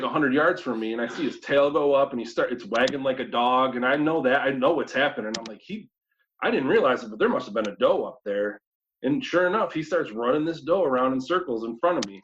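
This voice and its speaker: A man from New York State, a guest telling a hunting story in a casual, animated way, acting out his own thoughts. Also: mid-range voice, quick pace, a little hiss or hum. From New York State, USA. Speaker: guest hunter. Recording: slightly dull lo-fi audio.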